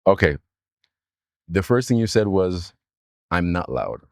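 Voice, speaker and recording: A man's voice: low voice, big pitch swings, measured pace, darkish tone, no room sound, studio quality. A man co-hosting a casual podcast, insistent and repetitive as he argues his point with his co-host. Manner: insistent, repeats himself, talks over his partner. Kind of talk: casual argumentative chat.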